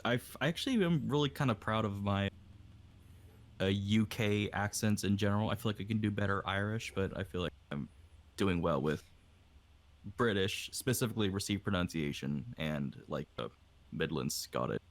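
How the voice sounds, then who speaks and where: Joking low-voiced young man on a call. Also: lively intonation, normal speed. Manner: joking, crude, mock ad reads. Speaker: podcast guest voice actor. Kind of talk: casual group chat.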